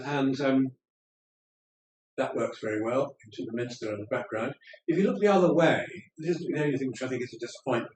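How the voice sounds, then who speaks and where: A man giving a public lecture with slides, measured and digressive, with wry asides. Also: mid-range voice, slight background noise. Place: lecture room in an old house. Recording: roomy room, speaker far from the mic, faint ambience.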